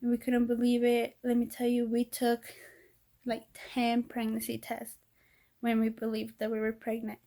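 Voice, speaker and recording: A woman's voice: fairly high pitch, completely flat delivery, normal speed, dark tone. A woman telling a heartfelt personal story in a vlog, emotional and teary as she talks to her viewers. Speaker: vlogger.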